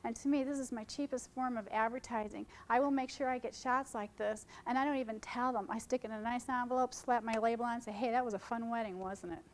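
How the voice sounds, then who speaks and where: A woman's voice: on the high side, fairly even intonation, fast, few pauses, a little hiss or hum, low-quality recording. Chatty woman teaching wedding photography. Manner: chatty, jumps between topics, jokes with audience. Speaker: wedding photographer giving a seminar. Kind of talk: informal seminar talk to photographers. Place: conference room.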